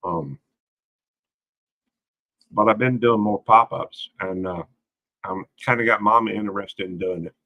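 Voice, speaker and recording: Male livestream host, low pitch with a bright, forceful edge, folksy rambling chat. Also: measured pace, long pauses, rough recording. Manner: rambling, folksy, greets viewers by name. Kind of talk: casual late-night livestream chat.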